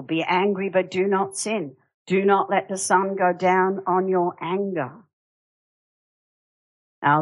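A woman preaching a sermon, in a conversational, animated way with rhetorical questions. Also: fairly low pitch, breathy edge, no room sound, highs cut off.

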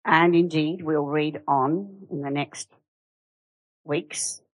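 A woman preaching a sermon, in a conversational, animated way with rhetorical questions. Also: low-pitched, slow pace, no echo, low-quality recording.

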